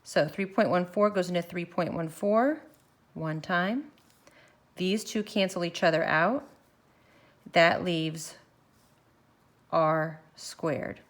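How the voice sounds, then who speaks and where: Woman math teacher, slightly low voice, recorded lesson, talks students through each step, thinks aloud. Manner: walks through steps slowly, thinking aloud. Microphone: phone camera filming her worksheet.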